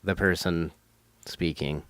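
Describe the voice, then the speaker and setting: A man co-hosting a podcast in casual chat, measured and thoughtful, with hesitant fillers. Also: low voice, fairly even intonation, fairly bright tone, dry recording. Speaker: podcast co-host.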